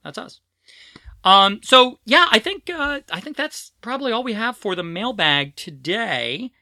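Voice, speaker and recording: A woman's voice: a little high, lively intonation, measured pace, bright, forceful tone, dry recording, studio quality. A middle-aged transgender woman co-hosting a podcast, chatting in a rambling way, often restarting her sentences and prone to the giggles. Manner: rambling, giggly, self-interrupting. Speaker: podcast co-host. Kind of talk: casual podcast chat.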